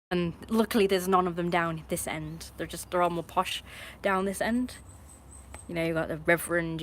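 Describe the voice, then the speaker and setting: A woman's voice: fairly low pitch, a bit bright, slight background noise. A woman from northern England speaking with a put-on posh accent, chatting and rambling in a self-mocking way on a live stream. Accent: northern English, put-on posh. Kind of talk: casual live stream chat.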